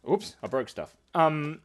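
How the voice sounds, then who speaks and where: A man's voice: mid-range voice, background noise. A man in his thirties, a cartoonist hosting a casual live stream, rambling and giggling as he reads the chat at his computer. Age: 30s. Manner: rambling, giggly and playful, often laughing.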